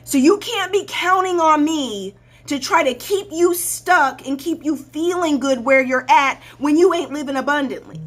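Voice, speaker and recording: A woman's voice: high-pitched, moderate pace. A woman life coach hosting her own show, talking straight to viewers in a blunt, preachy way and repeating points for emphasis. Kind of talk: livestream talk to viewers.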